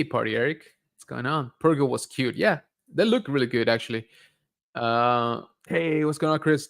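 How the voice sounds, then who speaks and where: A man hosting a live stream, reading viewer comments aloud and reacting in a relaxed, chatty way. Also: mid-range voice. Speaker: livestream host reading viewer chat. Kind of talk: casual live-stream chat.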